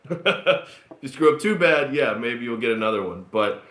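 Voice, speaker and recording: Relaxed rambling man in a roomy echo. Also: medium pitch, a little slow. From born in Australia, grew up in Texas. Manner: relaxed, rambling storyteller with fillers. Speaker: guest actor. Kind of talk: casual interview storytelling.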